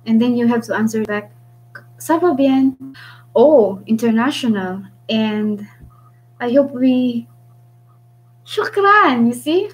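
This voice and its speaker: A young adult woman with a Filipino accent chatting casually with viewers on her vlog, thinking aloud with lots of ums and pauses. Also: on the high side, warm tone, rough recording. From Philippines. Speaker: vlogger. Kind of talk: casual live-stream chat with viewers.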